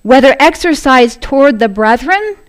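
A woman's voice: sits high, lively intonation, moderate pace. A woman preaching a sermon to a congregation, earnest and laughing often as she speaks.

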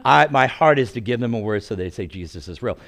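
Older male pastor, animated storyteller with a joking sermon delivery. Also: mid-range voice, fast talker, creaky. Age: 60s.

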